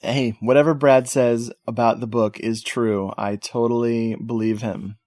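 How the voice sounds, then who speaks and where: Podcast host guy, joking around, laid back, middle pitch, dry sound. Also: steady tone, a little slow, a little mellow, no room sound. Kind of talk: casual chat.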